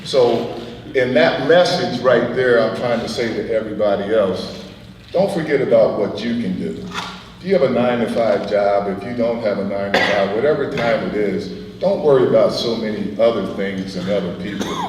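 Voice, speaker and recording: A middle-aged man giving a guest speech at an event, telling anecdotes in a lively way and chuckling often. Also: fairly low pitch, normal speed, background noise. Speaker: guest speaker. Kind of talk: storytelling speech. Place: event hall. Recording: echoey hall, voice from far off.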